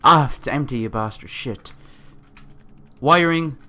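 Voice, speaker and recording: A man giving let's-play commentary, excitable and swearing often as he reads on-screen text aloud. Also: mid-range voice, slow. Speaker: gamer playing a survival game.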